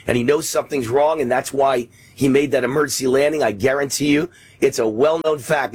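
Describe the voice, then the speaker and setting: A middle-aged talk radio host with a New York accent rants with fiery emphasis. His voice sits fairly high for a man. A clear music bed runs beneath him. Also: low-quality recording. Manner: fiery, emphatic, ranting delivery.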